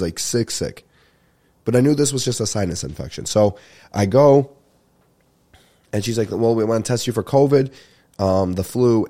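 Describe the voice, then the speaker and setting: A man's voice: mid-range voice, dark tone. A young man hosting a comedy podcast, rambling through stories with lots of swearing and laughter, sounding congested as he gets over a sinus infection. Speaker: podcast host. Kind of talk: casual comedic storytelling.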